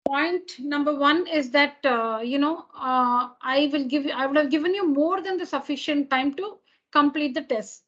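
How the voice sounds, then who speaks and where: A woman's voice: high-pitched, normal speed, fairly bright tone, dull audio. A woman teacher talking to her students in an online class. She explains patiently, repeating and rephrasing each point. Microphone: computer mic on a video call.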